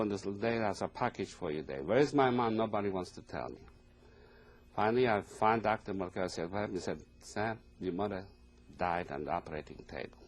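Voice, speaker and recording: An elderly man in his eighties from Poland, speaking English, giving oral history testimony in a halting, earnest way with plain phrasing. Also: mid-range voice, a little mellow. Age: older, 80s. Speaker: Holocaust survivor giving testimony.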